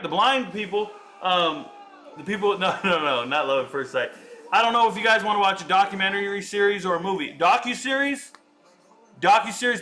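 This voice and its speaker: Bright-voiced chatty man streaming from home. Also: high-pitched. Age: 40s. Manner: chatty, riffing and answering viewer comments. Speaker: live-stream host. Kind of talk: casual live-stream chat.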